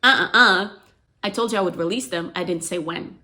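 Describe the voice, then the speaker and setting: A scheming faerie queen speaks in a bright, lightly mocking voice. She sounds offhand and cruel. A woman puts her on while retelling a story. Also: fairly low pitch, fairly quick.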